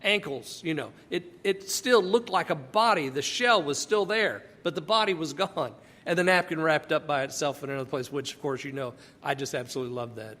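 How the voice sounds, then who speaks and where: Male Bible teacher, high and bright, conversational and emphatic, long reverb. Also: a little fast, few pauses.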